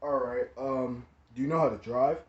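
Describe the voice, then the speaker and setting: A man voicing a calm adult male police officer who talks slowly and evenly. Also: mid-range voice, voice pushed down, natural voice. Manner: flat, slow, level-toned. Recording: echoey room, dull lo-fi sound.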